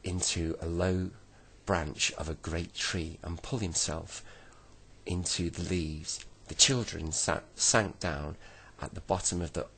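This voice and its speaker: A man reading a bedtime story aloud gently, now and then correcting himself. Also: low voice, fairly even intonation, slow, gravelly, slightly rough, low-quality recording.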